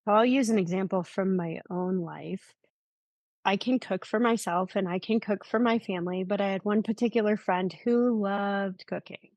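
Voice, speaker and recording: A woman on a podcast talks earnestly and conversationally about her own life. Her voice sits at a middle pitch in a dry, close recording. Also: normal speed, a little mellow, no room sound. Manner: earnest, gives examples. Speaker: podcast co-host. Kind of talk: casual conversation.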